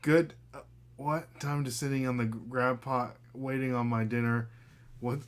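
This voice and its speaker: A man's voice: medium pitch, fairly even intonation, normal speed, background noise. A man in his thirties hosting a casual live podcast, talking loosely with lots of fillers and reading out viewer comments. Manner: loose and chatty, many fillers, talks to his dog. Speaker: podcast host.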